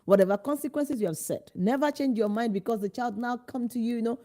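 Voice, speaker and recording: Mellow-voiced woman coaching parents. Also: a little high, a little fast. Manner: emphatic, direct advice with rhetorical questions; acts out parents' and children's lines in changed voices. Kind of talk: instructional talk to parents.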